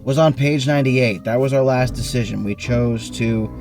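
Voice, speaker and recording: A man hosting an online game, reading a choose-your-own-adventure book aloud with animated bursts of speed and sudden pitch jumps. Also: normal speed, music in the background. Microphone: online voice call.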